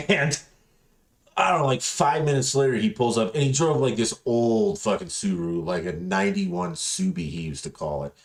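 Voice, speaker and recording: A man's voice: mid-range voice, normal speed, vocal fry. A man hosting a podcast, telling rambling, profane stories in casual chat and acting out the people in them. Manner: rambling, profane, animated storytelling with voiced quotes. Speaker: podcast host.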